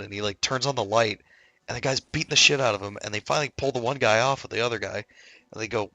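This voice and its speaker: Gravelly, bright-voiced man telling stories. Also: fairly low pitch, fast, dry recording. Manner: laughs often, swears freely, acts out quotes. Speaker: streamer. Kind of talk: casual storytelling chat.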